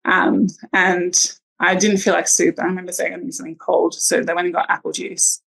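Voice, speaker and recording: A woman's voice: fairly low pitch, flat delivery, normal speed, creaky, fairly bright tone, rough recording. A woman telling her birth story in a casual interview, chatty with lots of ums and likes. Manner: chatty, many ums and likes, acts out quotes.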